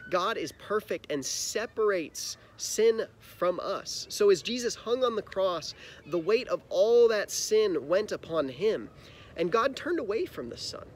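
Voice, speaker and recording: A man's voice: high-pitched, very animated, unhurried. A man teaching a children's church lesson, retelling a Bible story simply and asking the kids questions. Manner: friendly, explains simply and asks kids questions.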